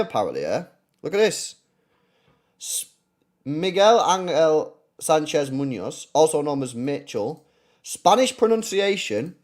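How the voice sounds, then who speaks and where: A man talks football on a casual livestream. His voice sits a little high and swings widely in pitch. He is blunt and profane, and he doubles back on his own words. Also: unhurried. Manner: animated, blunt and profane, repeats himself. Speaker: football channel host.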